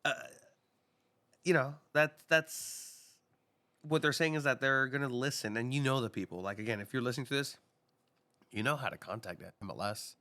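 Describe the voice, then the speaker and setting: So-cal guy on a podcast, bright voice, keeps repeating himself, fired up. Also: medium pitch, normal speed, long pauses. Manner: animated, urging, repeats himself. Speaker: podcast co-host. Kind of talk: casual podcast chat.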